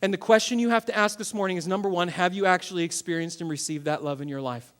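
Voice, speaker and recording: Male pastor, 30s, high-pitched, animated sermon delivery with big dynamic swings. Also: fast talker. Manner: animated, swings from loud to quiet.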